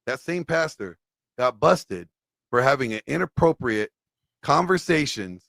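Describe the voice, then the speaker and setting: A man speaking as a podcast guest, adding animated, casual commentary and quick agreements. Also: mid-range voice, vocal fry, dry recording, clean studio sound.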